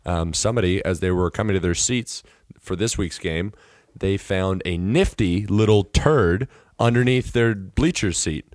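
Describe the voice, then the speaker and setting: A man's voice: low voice, unhurried, a little mellow, no room sound, clean studio sound. A man co-hosting a sports podcast, recapping an odd story with wry humor. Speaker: podcast co-host. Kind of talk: casual podcast chat.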